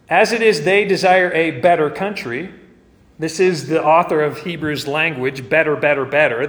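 A man's voice: fairly high pitch, a bit bright, in a large hall. A man preaching a sermon as pastor, earnest and rising to fervent emphasis.

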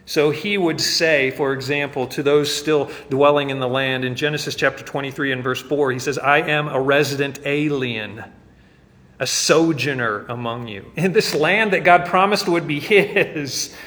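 Pastor guy preaching, bit high voice, earnest, gets fired up, long echo in the hall. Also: normal speed, fairly bright tone. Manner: earnest, builds to fervent emphatic rises. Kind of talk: sermon.

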